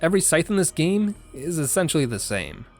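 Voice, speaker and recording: Brief: young male gaming host, lively sarcastic delivery, faint music behind. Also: on the high side, a little fast, creaky. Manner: sarcastic, playful, jokey. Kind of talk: scripted comedic gameplay narration.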